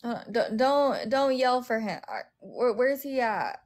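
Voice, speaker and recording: Bossy, slightly high-voiced woman streamer. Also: expressive, measured pace. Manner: directive, swears freely. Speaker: livestream host. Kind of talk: casual livestream chat.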